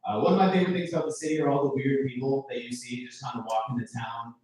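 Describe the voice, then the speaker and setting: A man's voice: medium pitch, steady tone, fast, a little mellow. A male stand-up comedian from Iowa delivering a chatty, self-deprecating set in a comedy club. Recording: very echoey club from far off.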